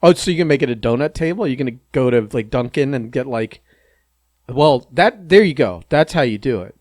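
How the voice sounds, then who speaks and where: A man's voice: mid-range voice, expressive, fairly quick, a little mellow, no room sound, studio quality. Teasing, skeptical man co-hosting. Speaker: podcast co-host. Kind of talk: casual podcast banter.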